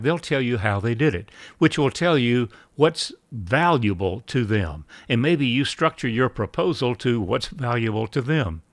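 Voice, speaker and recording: A man giving a measured sales training talk, acting out short sample lines between buyer and seller. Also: mid-range voice, no room sound. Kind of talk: instructional talk.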